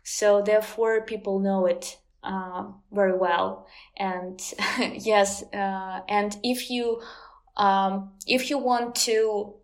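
A woman with a Ukrainian accent speaks at an unhurried pace, pausing often with ums and uhs as she chats as an interview guest. Her voice sits at a middle pitch. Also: fairly even intonation. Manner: hesitant, many ums and uhs. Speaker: guest, language teacher. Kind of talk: casual interview chat.

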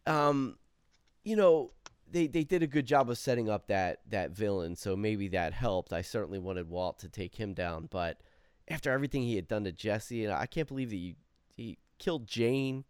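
A man with a smooth, resonant, fairly low voice, talking on a podcast about a TV show. He is opinionated and animated and swears freely. The sound is dry and close, with no room in it. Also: moderate pace, no room sound. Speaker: podcast co-host. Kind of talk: casual chat discussing a TV show.

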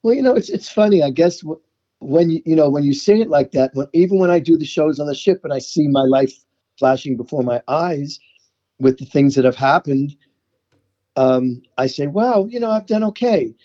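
Chatty New York man, dark voice. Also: on the high side, normal speed, highs cut off. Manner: chatty storyteller, repeats words when starting. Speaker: songwriter guest. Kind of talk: interview conversation.

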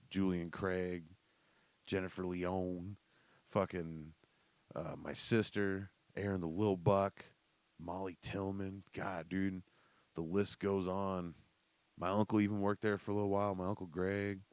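A young man telling casual, profane stories that ramble along, with laughter and quick bursts. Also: sits low, level tone, no echo. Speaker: storyteller. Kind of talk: casual storytelling.

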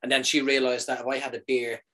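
A man in his thirties, a comedian chatting casually and telling animated stories, leaping up in pitch for quoted lines. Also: fast talker. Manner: animated storyteller, jumps high for quoted lines. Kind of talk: casual chat.

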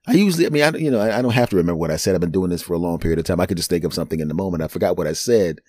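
A middle-aged man, a podcast host and comedian, telling a story in an animated, chatty way with chuckling asides. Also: deep voice, rapid-fire, no echo, studio quality. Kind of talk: storytelling monologue.

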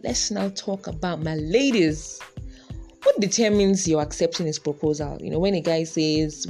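A woman's voice: low-pitched, moderate pace, dark tone, soft background music. A woman with a Nigerian accent hosting a casual podcast monologue, chatty and musing aloud, dropping in Yoruba and pidgin words. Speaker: podcast host.

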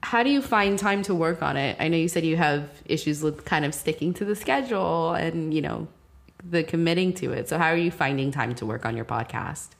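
A woman's voice: deep voice, lively intonation, brisk, gravelly. A woman hosting a podcast, chatting casually and filling her talk with "like". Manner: chatty, uses "like" a lot. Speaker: podcast host. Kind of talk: casual chat.

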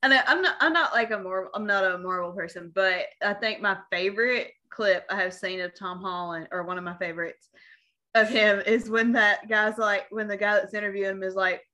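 Bright-voiced woman telling a story. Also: mid-range voice, normal speed. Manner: storytelling, acts out quotes with laughter. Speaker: podcast co-host. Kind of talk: casual chat.

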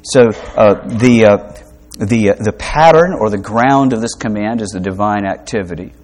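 A man's voice: fairly low pitch, moderate pace, darkish tone. A man delivering a sermon as a preacher, teaching in a conversational way with asides, light humor and rhetorical questions. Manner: frequent fillers and restarts, rhetorical questions.

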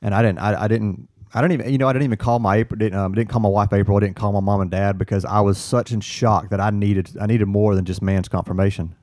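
A man recounts a personal story in casual conversation, earnest and halting, often restarting his sentences. His voice sits on the low side, and the recording is dry with almost no room sound. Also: steady tone, darkish tone, no echo. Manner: earnest, halting with restarts, quotes others in dialogue. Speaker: firefighter guest.

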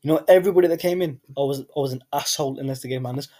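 A man's voice: mid-range voice, rapid-fire, crowd noise. A man co-hosting a podcast, smugly lecturing and teasing in casual banter. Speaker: podcast co-host.

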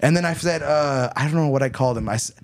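Man, higher pitch, casual podcast storytelling, animated, profane. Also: fast talker. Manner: animated, profane, laughing often. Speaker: podcast co-host.

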